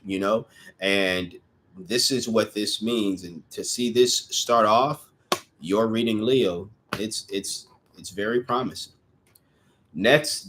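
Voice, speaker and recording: A man's voice: lowish voice, a bit bright. A young man giving a casual tarot reading, chatty and rambling, who sometimes stumbles over his words. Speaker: tarot reader.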